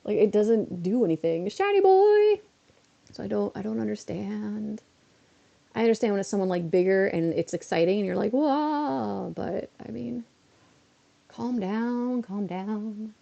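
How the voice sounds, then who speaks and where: A woman's voice: medium pitch, steady tone, moderate pace, gravelly, dark tone, muffled recording. A woman streaming from home and chatting casually while she plays, ranting with exasperated asides and sounding a bit unwell. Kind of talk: casual live-stream chat while gaming.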